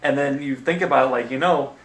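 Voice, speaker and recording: Man chatting haltingly in an echoey room. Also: mid-range voice. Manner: halting, repeats words while searching. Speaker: podcast co-host. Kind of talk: casual chat. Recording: echoey room, faint noise.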